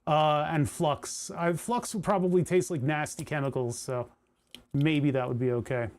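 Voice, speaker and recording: A man's voice: a little high, fairly even intonation, normal speed, a little mellow. A young man streaming live, chatting casually and rambling into asides while he works on a soldering job and reads chat. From United States.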